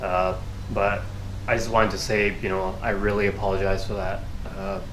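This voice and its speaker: A man with a congested, nasal voice, talking to camera in a halting, apologetic way with many fillers. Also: on the low side, flat delivery, noisy background. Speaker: car hobby vlogger. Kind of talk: casual to-camera talk. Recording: echoey room.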